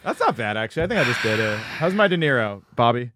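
A man from New York, a comedian co-hosting a podcast, riffing crudely and dropping into quick impressions. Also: medium pitch, background noise. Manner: animated, slips into impressions of actors. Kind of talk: crude casual banter.

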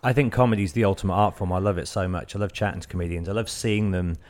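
A man's voice: low voice, steady tone, fast, darkish tone. A man hosting a podcast, chatting earnestly and enthusiastically with a guest. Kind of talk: casual podcast chat.

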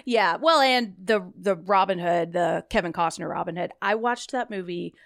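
A woman's voice: on the low side, normal speed, gravelly, a bit bright. A woman co-hosting a film podcast, talking casually and peppering her speech with "like" and "you know.". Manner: chatty, lots of "like" and "you know". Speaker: podcast co-host.

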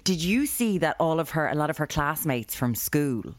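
A woman co-hosting a podcast in casual chat, reacting with animated disbelief. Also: low voice, normal speed. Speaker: podcast co-host.

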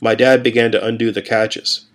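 A man reading a first-person story aloud in a calm, steady way. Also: fairly low pitch, moderate pace.

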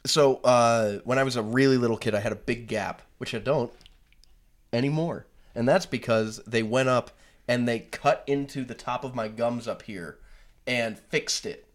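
Wry casual podcast co-host. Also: male voice, medium pitch, moderate pace. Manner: wry, teasing interjections. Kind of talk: casual chat.

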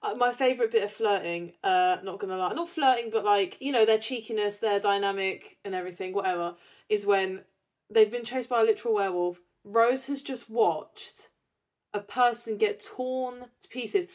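A young woman co-hosting a podcast, chatting casually and acting out scenes with big jumps in pitch. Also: normal speed. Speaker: podcast co-host. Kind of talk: casual chat.

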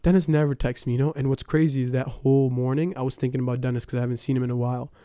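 A young man tells his church testimony in a relaxed, rambling way, leaning on fillers and retelling conversations. His voice is smooth and mellow, with little rise and fall. The sound is close and dry. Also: medium pitch, rapid-fire, no echo. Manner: casual, storytelling with many fillers. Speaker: church youth member giving testimony. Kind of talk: personal testimony.

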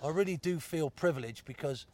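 A man's voice: on the high side, fairly quick, darkish tone. Bristol-accented man telling blunt stories. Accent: Bristol English. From Bristol, England. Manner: blunt and anecdotal, swears freely, calls others mate. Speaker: former footballer. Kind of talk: casual chat.

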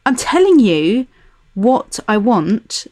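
A woman's voice: on the high side, big pitch swings, slow, dark tone, no room sound. A woman hosting a podcast, talking earnestly and reflectively in casual conversation. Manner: reflective, earnest, asks guests questions. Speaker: podcast host.

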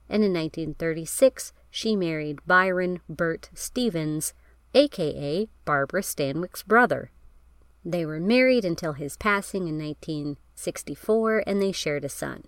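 A woman's voice: low-pitched, dry recording. Woman narrating film history, wry. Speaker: podcast host.

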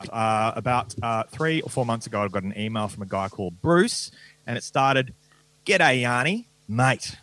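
A man's voice: fairly low pitch, animated, moderate pace, a bit bright. A man, doing a self-mocking stand-up comedy set with a dry delivery. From Australia.

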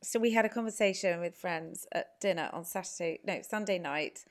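A woman's voice: fairly low pitch, normal speed. A woman co-hosting a casual fashion chat, supportive and easygoing. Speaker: podcast co-host.

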